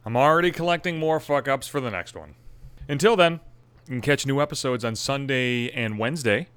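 A man's voice: medium pitch, animated, brisk, a bit bright, clear, resonant tone, no echo. A man hosting his own podcast as a voice actor, ranting in a profane, exasperated monologue that keeps escalating, recorded on a studio podcast mic.

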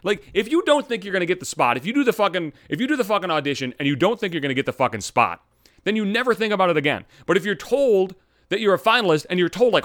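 A man's voice: sits high, big pitch swings, fast, fairly bright tone, dry recording. A man hosting his own podcast as a voice actor, ranting in a profane, exasperated monologue that keeps escalating, recorded on a studio podcast mic.

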